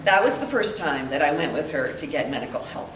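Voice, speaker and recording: An older woman giving a heartfelt memorial tribute, telling stories with pauses. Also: low-pitched, expressive, noisy background. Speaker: eulogy speaker. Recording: echoey room, heard from a distance.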